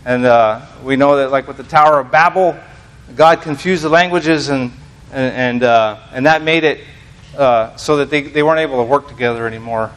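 An American lay preacher gives an informal sermon to a small congregation, rambling and self-deprecating, full of fillers and restarts. His voice is medium-pitched and fairly bright, at a moderate pace.

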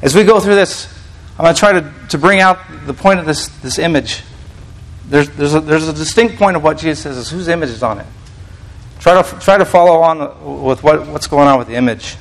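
A man's voice: a little high, a little fast, low-quality recording. A man preaching a casual teaching sermon, reading scripture aloud and explaining it in a conversational, restarting manner.

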